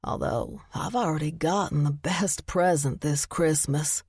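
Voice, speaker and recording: A woman voicing a charming young man who speaks softly and affectionately. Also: sits low, unhurried, husky, no room sound, full character voice. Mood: tender. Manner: soft and affectionate.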